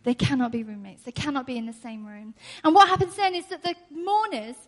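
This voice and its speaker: A woman's voice: high voice, expressive, brisk. A woman preaching a sermon in an earnest way, repeating her key phrases and laughing often. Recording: long hall reverb.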